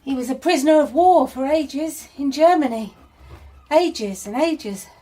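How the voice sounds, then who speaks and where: A woman's voice: high-pitched, a little slow. A kindly, shrewd mother. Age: middle-aged. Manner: warm, chatty, gently probing. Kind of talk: radio drama.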